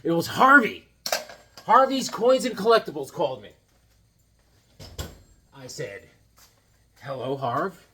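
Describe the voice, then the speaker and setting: Excitable, tired man telling stories. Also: sits high, measured pace, long pauses. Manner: excitable, jokey, rambling. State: tired from lack of sleep. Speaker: comic collecting channel host. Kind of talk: casual rambling storytelling. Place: home comic room.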